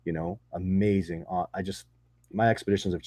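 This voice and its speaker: A man's voice: sits low, steady tone, a little fast, darkish tone, dry recording. A man answering viewer questions in a casual live chat, rambling and enthusiastic with many restarts. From not from Texas.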